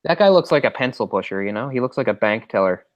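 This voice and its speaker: A man's voice: mid-range voice, animated, fast, dull audio. A man co-hosting a casual late-night movie commentary, chatty and opinionated. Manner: chatty, mimics characters in quotes. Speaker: commentary co-host.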